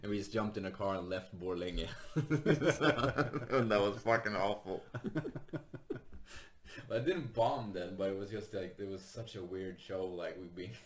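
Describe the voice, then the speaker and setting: A man's voice: sits low, measured pace. Laughing, swearing man telling a story. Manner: laughs often while telling stories, swears freely. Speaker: stand-up comedian guest. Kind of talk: casual storytelling chat. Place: Sweden.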